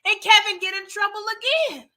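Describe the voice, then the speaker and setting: A woman hosting a casual late-night livestream, reading chat comments aloud, animated and laughing often, with a slangy, playful manner. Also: extremely high pitch, brisk.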